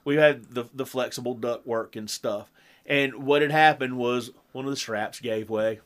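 A man's voice: mid-range voice, normal speed. A middle-aged man chatting casually as a podcast co-host, telling home stories and acting out the dialogue. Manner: animated, acts out quoted dialogue. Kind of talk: casual storytelling chat.

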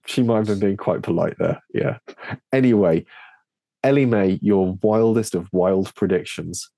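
A man co-hosting a casual podcast chat, joking through quick banter. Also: deep voice, gravelly, warm tone, no room sound. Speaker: podcast co-host.

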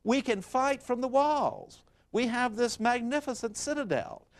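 A man voicing a devoted young wife who pleads with her warrior husband, his voice lifted higher. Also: measured pace. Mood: pleading.

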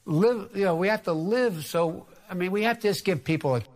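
A male politician giving a speech from a podium, halting and often losing his words. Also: high-pitched. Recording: echoey hall.

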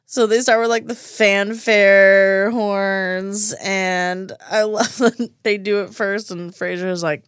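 A woman's voice: medium pitch, steady tone, slow pace, hardly any pauses, a bit bright, clear, resonant tone, no room sound. A woman co-hosting a podcast, animatedly retelling a TV episode and acting out the characters' lines with casual swearing, recorded in a studio. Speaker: podcast co-host.

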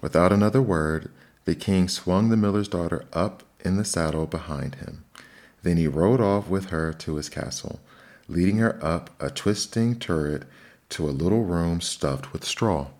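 Male storyteller, very low voice, measured fairy-tale narration. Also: darkish tone.

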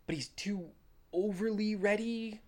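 A man's voice: sits high, unhurried, a loud crowd. A man co-hosting a casual movie recap, retelling scenes with enthusiasm and quoting lines. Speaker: podcast co-host.

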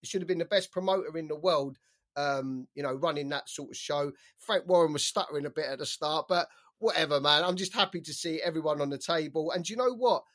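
A British man co-hosting a boxing chat, excitable, swearing and saying "like" a lot. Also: fairly high pitch, fairly quick. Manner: excitable, swears freely, many fillers like "like". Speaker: boxing podcast co-host. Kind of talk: casual chat.

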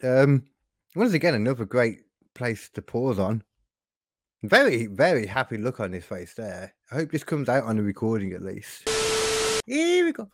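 A man's voice: medium pitch, animated, moderate pace, dry recording. A man hosting a casual chat over a video call, laid-back and heavy on fillers. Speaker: podcast host.

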